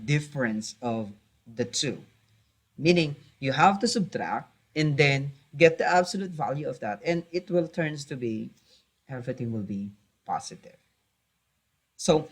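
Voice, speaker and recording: A man's voice: medium pitch, a little slow. A man teaching a math lesson, hesitating with many fillers, correcting himself and patiently repeating key points.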